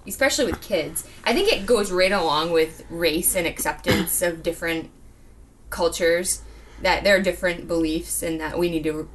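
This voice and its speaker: Laughing woman podcaster, heard from afar. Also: on the low side. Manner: laughs often, quick and chatty. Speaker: podcast co-host. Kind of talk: casual chat. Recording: distant mic with faint background noise.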